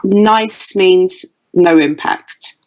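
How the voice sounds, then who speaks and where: A woman's voice: on the low side, extremely slow, darkish tone, rough recording. Blunt British woman giving dating advice. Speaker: dating coach guest. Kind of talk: podcast interview.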